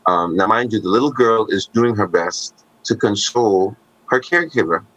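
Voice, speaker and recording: Man, deep voice, dry close sound, casual storytelling, joking asides. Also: normal speed, fairly bright tone, no room sound, dull audio. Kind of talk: casual conversation.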